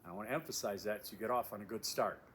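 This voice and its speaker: Talking rapid-fire in a fairly low, slightly bright voice, an instructor films a casual introduction to his class from a windy overlook outdoors. Wind noise fills the background as he stresses points, repeats key phrases and leans on fillers.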